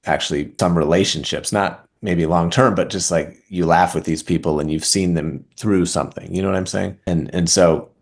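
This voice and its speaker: A male oral surgeon guest on a podcast, speaking in a relaxed, reflective way with frequent fillers. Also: low-pitched, moderate pace, vocal fry, hardly any pauses. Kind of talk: conversational podcast interview.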